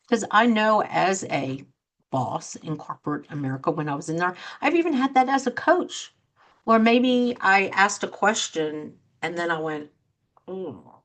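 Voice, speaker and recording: A middle-aged woman hosting a talk show as a coach, speaking earnestly and acting out quoted reactions in her examples. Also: mid-range voice. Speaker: host and coach. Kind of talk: motivational talk show monologue.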